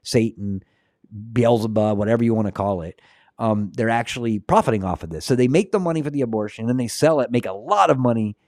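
A man's voice: medium pitch, brisk, darkish tone, no echo, clean studio sound. A man hosting a Christian livestream, talking earnestly and then leading a prayer, often repeating words as he starts a sentence. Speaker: host of a Christian livestream show. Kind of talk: casual livestream commentary and prayer.

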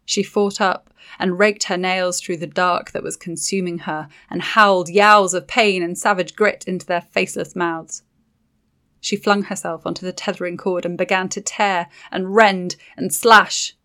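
Woman narrating dark fantasy. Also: fairly low pitch, steady tone, moderate pace. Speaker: audiobook narrator.

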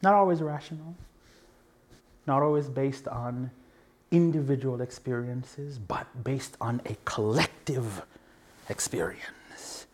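Unhurried and mid-range in pitch, this man gives a reflective public talk with earnest animation. Laughter comes often, along with check-ins with his audience and occasional hushed, near-whispered emphasis.

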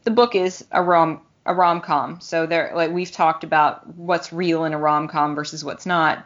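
A woman podcast host chatting casually, warm and rambling, often restarting her sentences. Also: lowish voice, dull audio. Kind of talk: casual chat.

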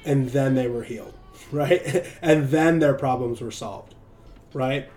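A man's voice: mid-range voice, slow, darkish tone. A man hosting a livestream and preaching casually, loose and joking, with frequent "right?" tags. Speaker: livestream host.

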